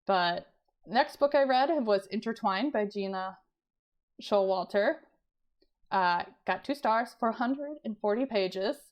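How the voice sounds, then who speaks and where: Woman, young adult, casual book review chat, slow pace, strained voice, frequent laughs. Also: mid-range voice, muffled recording. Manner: chatty, laughs often, rambling restarts. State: losing her voice, clears throat. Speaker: book vlogger.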